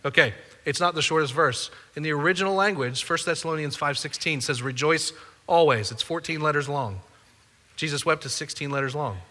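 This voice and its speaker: A man's voice: fairly high pitch, fairly quick, sharp tone, big-room sound. A man preaching a sermon as a pastor, conversational and playful with the congregation. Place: church auditorium.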